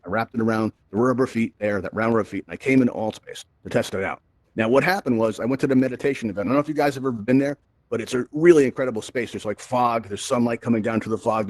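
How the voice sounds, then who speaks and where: A man giving a casual, animated tech tutorial and telling stories, often checking in with "right?". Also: mid-range voice, no echo. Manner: animated, storytelling, frequent "right?" tag questions. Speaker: presenter. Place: virtual reality social space.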